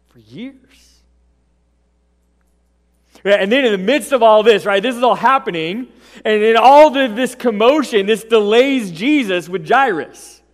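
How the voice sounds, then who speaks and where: A man preaching a sermon, telling a story in a lively way, acting out the quotes and often asking "right?". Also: fairly high pitch. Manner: animated storytelling, acts out quotes, frequent "right?". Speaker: pastor. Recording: long reverb of a large hall.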